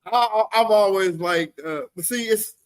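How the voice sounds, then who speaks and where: A man with a high voice chatting casually on a podcast. He stumbles and repeats words as he gets going, and laughs often. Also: normal speed, clean tone. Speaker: podcast co-host. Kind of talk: casual chat.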